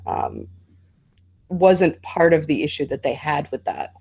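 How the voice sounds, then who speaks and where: A woman's voice: low voice, sing-song, unhurried, a little mellow, slightly rough. A woman taking part as a guest in a casual online discussion over a video call, speaking wryly and hesitantly. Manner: wry, hesitant, reads aloud from posts.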